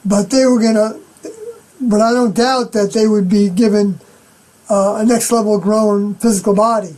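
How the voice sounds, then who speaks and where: A middle-aged woman giving an unscripted scripture commentary as a personal testimony, halting and often clearing her throat. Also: mid-range voice, dark tone, low-quality recording.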